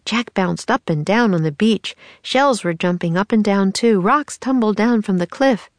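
A woman narrating a children's storybook in a steady, measured way. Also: medium pitch, no echo. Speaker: audiobook narrator.

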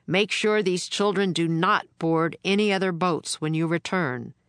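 Storybook general, stern and low-voiced, read by a woman narrator; dry close sound. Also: measured pace, a bit bright, clean tone, no echo. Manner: stern, commanding. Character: stern male general, commanding and grave.

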